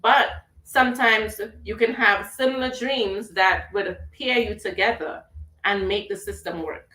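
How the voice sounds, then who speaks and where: A woman's voice: medium pitch, measured pace, bright, forceful tone, reverberant, far from the mic, low-quality recording. A woman hosting a radio talk show, upbeat and motivational, a little under the weather with a tight throat. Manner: upbeat, motivational, laughs easily. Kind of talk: casual radio chat.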